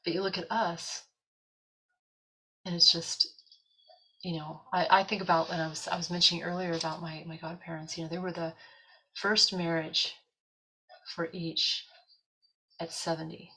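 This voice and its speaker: A woman's voice: fairly low pitch, moderate pace, long pauses, breathy edge, poor audio. A woman in casual chat, telling a story and acting out the voices of people in it. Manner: animated storyteller, acts out quoted voices.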